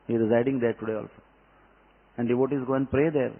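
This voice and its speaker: A man's voice: medium pitch, steady tone, fast talker. A man giving a devotional scripture class, telling stories with emphatic delivery. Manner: storytelling, emphatic. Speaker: spiritual teacher. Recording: tinny phone-like line.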